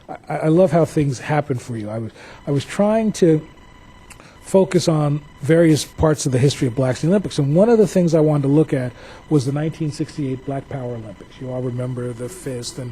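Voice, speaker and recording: A man's voice: fairly high pitch, mellow, husky, low-quality recording. A man from New Jersey, a museum director, giving a public talk full of anecdotal, reflective storytelling.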